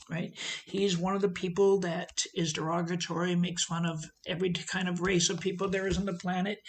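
A middle-aged woman from the United States talking casually to a group, telling personal stories with lots of fillers and asides. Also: lowish voice. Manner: animated storytelling, many fillers and asides. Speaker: guest speaker. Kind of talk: casual talk to an audience.

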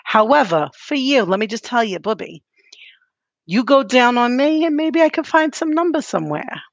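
A man voicing a crude, chain-smoking old grandmother type, with a gravelly voice. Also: very high-pitched, big pitch swings, moderate pace, no echo, voice pushed up, heavily acted. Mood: scheming.

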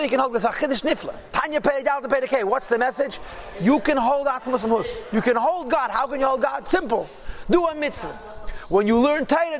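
High-voiced man teaching a Chassidic text. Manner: reads text phrases then translates and explains. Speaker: Torah teacher.

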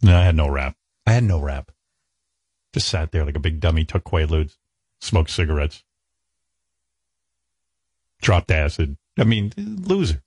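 A man's voice: very deep voice, big pitch swings, a little slow, pauses often, a little mellow, slightly rough, dry recording. A man hosting a radio talk show, telling self-mocking comic stories and acting out other people's lines. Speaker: radio host. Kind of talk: comic storytelling chat.

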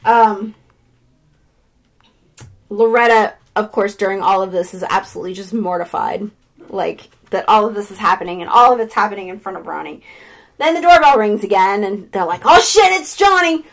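A woman casually recapping a film plot, swearing freely and animated. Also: medium pitch, moderate pace, poor audio. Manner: profane, animated retelling with voiced quotes.

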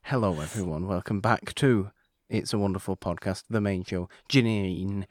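A man hosting a podcast, chatting casually and rambling with self-mocking humor and sudden excited bursts. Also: deep voice, moderate pace, no echo, studio quality. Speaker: podcast host. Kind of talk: casual chat.

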